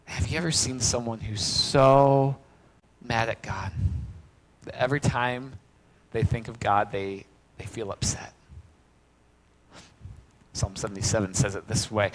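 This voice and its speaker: A man preaching a sermon as pastor, swinging from loud cries to hushed near-whispers. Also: mid-range voice, slow, long pauses, rough recording.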